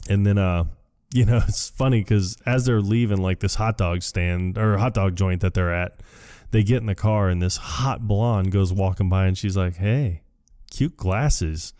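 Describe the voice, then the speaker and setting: A man's voice: low voice, a little slow, mellow. A man co-hosting a podcast, casually retelling a film scene by scene and acting out the lines in shifting voices, laughing often. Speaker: podcast co-host. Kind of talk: casual chat recapping a film.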